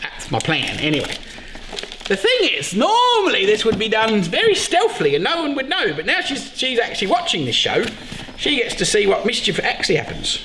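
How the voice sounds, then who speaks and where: A middle-aged man hosting a casual beekeeping vlog, joking excitedly and swearing freely. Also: sits high, brisk. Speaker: beekeeper and show host. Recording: echoey room with loud background noise.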